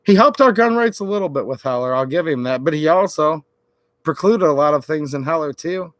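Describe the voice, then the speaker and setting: Ranting middle-pitched man on a livestream. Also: lively intonation, brisk, dry recording. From Michigan. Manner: ranting, sarcastic, mocks senators in quoted voices. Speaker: political YouTuber. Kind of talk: late-night livestream rant.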